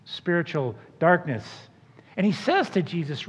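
A man preaching a sermon in a lively, conversational way, acting out the people he quotes. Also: sits high, moderate pace, husky. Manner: animated, acts out quoted voices. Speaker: pastor. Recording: dull sound with long hall reverb.

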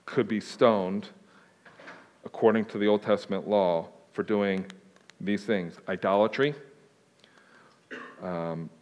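Low-voiced pastor in a reverberant church. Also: male voice, fairly even intonation, takes it slowly, long pauses, darkish tone, dull audio. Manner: informal and plain-spoken, with joking asides. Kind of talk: conversational sermon answering questions. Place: church sanctuary. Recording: long reverb of a large hall.

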